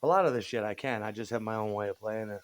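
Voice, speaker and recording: A man's voice: on the low side, quick pace, clear, resonant tone. A man in his forties rambling casually in a monologue, laid-back and meandering, with frequent swearing. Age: 40s.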